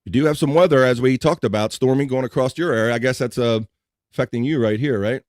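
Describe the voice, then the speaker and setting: Talking fast at a medium pitch, this Mid-Atlantic podcast host with a slight twang keeps his live-stream chat casual and restarts sentences mid-thought. The studio recording is clean and dry.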